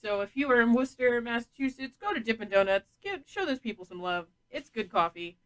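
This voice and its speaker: A woman's voice: fairly high pitch, expressive, a little fast, poor audio. A woman hosting a casual podcast, chatty and frank, laughing often and swearing freely. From New England. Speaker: podcast host.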